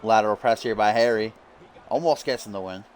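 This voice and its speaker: A man with a fairly low voice calls wrestling game matches in a loose, joking way. He swears freely and a light hiss of background noise sits under his voice. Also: brisk. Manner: joking, profane, laughs often. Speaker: host and commentator. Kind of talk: casual let's-play wrestling commentary.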